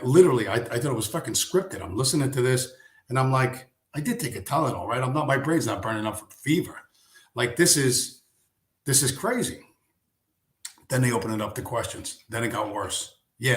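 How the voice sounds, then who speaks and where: A man's voice: medium pitch, a bit bright. Man, livestream rant, cussing, sarcastic, lots of rhetorical questions, roomy echo. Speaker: live stream host. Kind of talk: casual ranting commentary.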